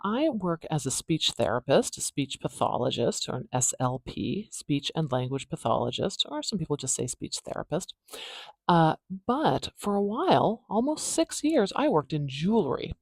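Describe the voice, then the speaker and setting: Woman, speech pathologist, casual phonetics lesson, some vocal fry, dry close sound. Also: deep voice, very animated, a little mellow, dry recording. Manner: repeats words slowly to demonstrate sounds.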